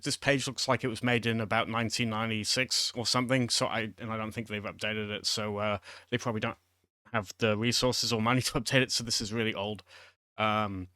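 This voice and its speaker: A man's voice: mid-range voice, pushed and bright, dry recording, clean studio sound. A man casually explaining Welsh words while reading a quiz on screen, rambling with lots of fillers and restarts. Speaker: YouTuber teaching Welsh. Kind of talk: casual screen-share commentary.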